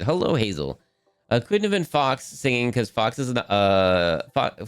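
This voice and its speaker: A man's voice: mid-range voice, fairly bright tone, clear, resonant tone, dry recording, studio quality. A man chatting casually with viewers on a live stream, laughing often, his voice a little worn from talking.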